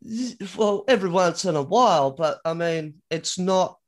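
Man, Australian accent, podcast host, easygoing, laughs along, slightly high voice. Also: expressive, normal speed. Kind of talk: casual chat.

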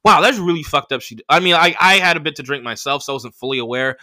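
A young man hosting a podcast, telling a profane, animated story in a casual monologue and acting out the voices of the people in it. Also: on the high side, quick pace. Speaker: podcast host.

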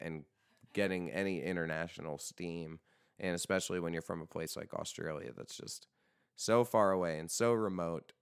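A man's voice: low voice, fairly bright tone, smooth, dry recording, studio quality. A man hosting a podcast in casual chat, rambling and joking with frequent swearing. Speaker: podcast host.

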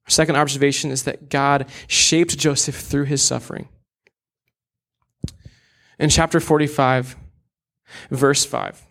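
A man's voice: medium pitch, level tone, measured pace, long pauses, a bit bright. A young man preaching a sermon in an earnest, candid way, with casual asides.

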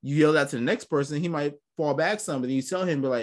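A man's voice: fairly high pitch, fast. A young man hosting a podcast, talking in casual chat with a profane, rambling way of storytelling. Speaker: podcast host.

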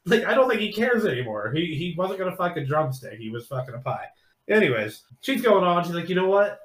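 A man hosting a podcast, retelling a scene in casual chat as an animated storyteller who swears freely. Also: fairly high pitch, brisk. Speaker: podcast host. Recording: echoey room.

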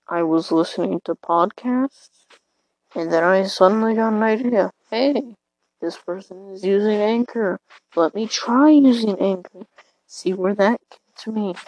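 A woman's voice: medium pitch, dark tone, no echo, rough recording. A teenage girl rambling hesitantly into her phone from her bed late at night, self-deprecating, her voice cracking now and then. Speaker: podcaster. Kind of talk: casual rambling monologue.

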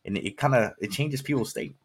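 A Californian podcast host talks straight to the listener in a blunt motivational monologue, swearing offhandedly and repeating points for emphasis. His voice is mid-range and slightly rough, and he speaks quickly.

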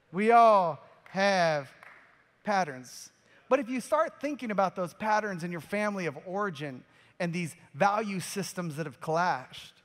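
High-voiced preaching pastor in a hall. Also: male voice. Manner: emphatic preaching, swings from loud to quiet. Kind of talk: sermon.

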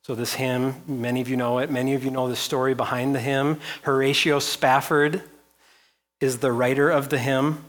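A man's voice: mid-range voice, little pitch movement, moderate pace. A man preaching a sermon as pastor, reading scripture aloud with rising intensity and repeating phrases.

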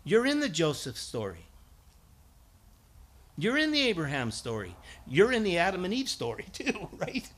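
A middle-aged man preaching a sermon with a bright, forceful tone. His pitch swings widely as he tells stories, acts out other people's voices and rises to emphatic high points. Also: huge pitch swings, moderate pace. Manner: storytelling, acts out voices, builds to emphatic peaks. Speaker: guest preacher and schoolteacher.

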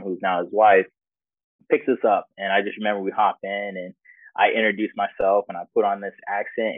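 A deep-voiced man tells personal stories in an easygoing, reflective way. His voice comes through a tinny, phone-like channel with a dry, close sound. He is the guest in an interview. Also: no room sound. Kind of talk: casual personal storytelling.

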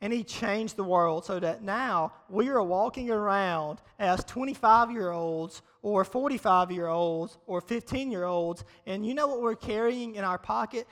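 A man preaching a casual, humorous sermon to a live audience, energetic and chatty, repeating phrases for emphasis. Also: extremely high pitch. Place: large hall before a live audience. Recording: long hall reverb.

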